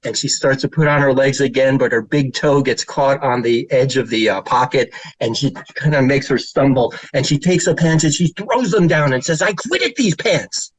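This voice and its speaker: Speaking at a moderate pace with hardly any pauses, a mid-range male voice comes through a low-quality, echo-free recording. A middle-aged child therapist, he presents with slides, tells informal stories with fillers, and sometimes does children's voices.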